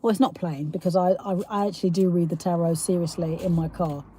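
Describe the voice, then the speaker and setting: A woman's voice: lowish voice, fairly even intonation, fast talker, mellow, breathy edge. A middle-aged woman with a South East London accent, hosting a casual live stream: chatty and rambling, laughing often and reading viewer comments aloud. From England. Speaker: livestream host.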